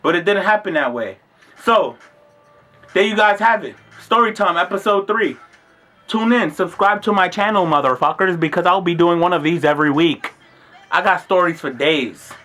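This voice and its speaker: A man telling a comedic story casually on his vlog. He talks in a slangy, animated way, swears freely and bursts into shouts when he acts out scenes. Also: sits high, normal speed, faint music behind. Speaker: vlogger.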